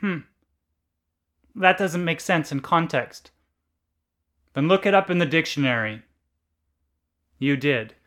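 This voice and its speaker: A man reading a literary story aloud in a deliberate, deadpan narration. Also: a little high.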